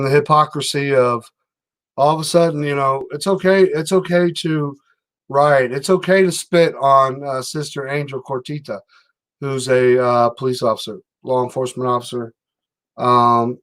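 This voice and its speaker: A man's voice: fairly high pitch, fairly bright tone. A middle-aged man hosting an online stream, rambling through a heated, sarcastic political rant. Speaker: online livestream host.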